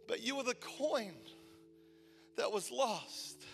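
A man in his forties preaching a sermon, telling stories with passion and swinging from loud intensity to hushed tones. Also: very high voice, expressive, takes it slowly, creaky, long pauses. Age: 40s. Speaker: pastor. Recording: long hall reverb, faint music behind.

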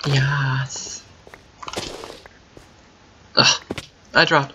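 A man commenting while playing a game, thinking out loud and breaking into excited yelps and gasps. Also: medium pitch, a little slow, a little hiss or hum. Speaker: gaming video creator. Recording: muffled lo-fi mic with faint keyboard typing.

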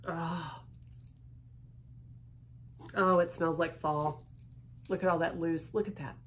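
Slow-talking woman gushing over an unboxing. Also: on the low side, fairly even intonation, slight background noise. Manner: gushing, lingering, drops to a hush at times. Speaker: unboxing vlogger. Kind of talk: casual unboxing chat.

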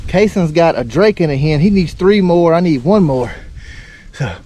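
A man, narrating his duck hunt in a folksy, excitable way, recorded outdoors in a windy marsh on a camera mic. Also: a little high, normal speed. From Alabama. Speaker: duck hunter and channel host. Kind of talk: outdoor hunting vlog narration. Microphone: handheld camera mic.

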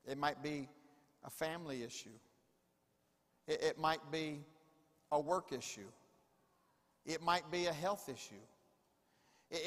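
A man's voice: high-pitched, fairly bright tone. A male pastor preaching a sermon, repeating phrases with emphasis and calling on the congregation to answer back. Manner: repetitive, emphatic preaching with call-and-response. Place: church sanctuary. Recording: long reverb of a church hall.

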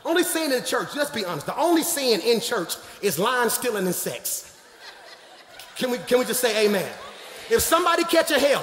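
A man preaching in a big sanctuary, his voice sitting very high and ringing bright as the long hall reverb carries it. He drops into low, joking asides with the congregation, then climbs into shouted, emphatic preaching. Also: big pitch swings, normal speed, slight background noise. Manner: playful, jokes with the congregation. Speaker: pastor. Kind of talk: live sermon to a congregation. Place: large church sanctuary.

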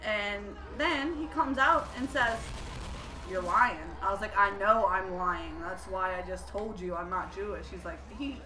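A young woman tells a story over gameplay, loose and profane. Her voice sits back from the mic in an echoey room. Steady noise runs underneath. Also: medium pitch, normal speed, few pauses. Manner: profane, laughing, animated storyteller. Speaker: co-host telling stories while gaming. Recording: roomy, distant, noisy room recording.

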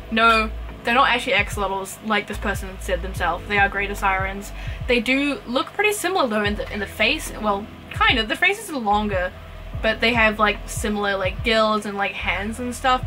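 A young woman hosts a pet channel in a chatty reaction style, gushing and quick to exclaim. Her voice sits in a middle pitch range. Music plays clearly behind her. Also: pushed and bright, low-quality recording. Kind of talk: casual reaction commentary. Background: background music.

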